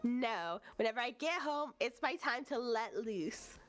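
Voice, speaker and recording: Bubbly giggly woman with a lively voice. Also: fairly high pitch, a little slow. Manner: bubbly, giggly, gasps with excitement. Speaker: guest streamer. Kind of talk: casual interview chat.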